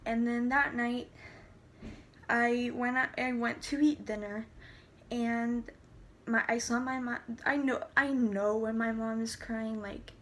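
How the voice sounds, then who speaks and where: A woman's voice: on the high side, steady tone, takes it slowly, a bit bright. Chatty teenage girl, rambling story. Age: teens. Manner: rambling, many "like" fillers and restarts. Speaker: vlogger. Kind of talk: casual storytelling to camera.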